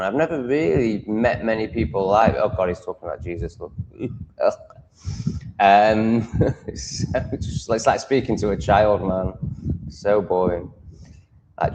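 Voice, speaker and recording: Blunt, sweary English man, low voice. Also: noisy background. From England. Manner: blunt, sweary and ranting, with mocking asides. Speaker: livestream host. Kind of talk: live stream chat answering comments.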